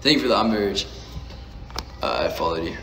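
A man's voice: on the low side, very animated, moderate pace. A young man joking and teasing his way through a casual live-stream chat from a bedroom. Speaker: social media creator. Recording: roomy echo, distant mic, music behind.

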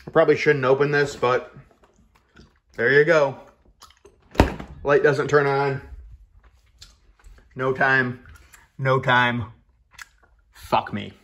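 A man's voice: mid-range voice, level tone, slow, pauses often, fairly bright tone, dull audio, slight background noise. A man talking casually to the camera at home, rambling and self-mocking, sweaty from the heat. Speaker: vlogger. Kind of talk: casual vlog talk to camera. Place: his home office, indoors.

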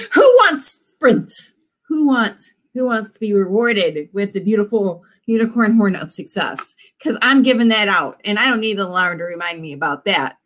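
A woman's voice: mid-range voice, normal speed, hardly any pauses, fairly bright tone. A woman author hosting a live writing stream, chatting in a bubbly, effusive way. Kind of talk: casual live-stream chat.

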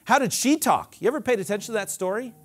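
A male pastor delivers an animated sermon in a fairly high voice. His pitch leaps and falls widely, rising to loud emphatic proclamations before dropping to quiet, low asides. He leads the congregation in call-and-response. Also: quick pace.

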